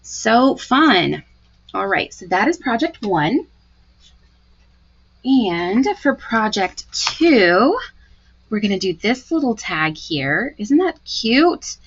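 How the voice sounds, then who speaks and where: A woman's voice: medium pitch, very animated, slow pace, pauses often, slightly rough, highs cut off. A woman giving a live craft tutorial, chatty and gushing as she talks through each step. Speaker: card-making demonstrator.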